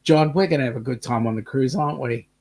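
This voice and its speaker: This live-stream co-host has a British–New Zealand mixed accent and a mid-range, slightly mellow voice at a quick pace. He chats casually, jokes around, and reads out comments from viewers.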